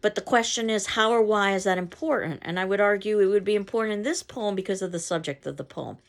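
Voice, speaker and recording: A woman teacher talks fast in a medium-pitched voice. Not from the local area, she explains poetry in a relaxed, conversational recorded lecture and reads the poem aloud with its beats stressed.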